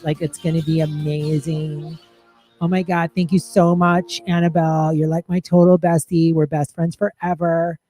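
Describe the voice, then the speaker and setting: A man's voice: fairly high pitch, dark tone, dry recording, close to an everyday voice. A man voicing a ditzy, bubbly young woman influencer who fills every phrase with "like", in a comedy livestream bit. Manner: valley-girl talk, every phrase padded with "like".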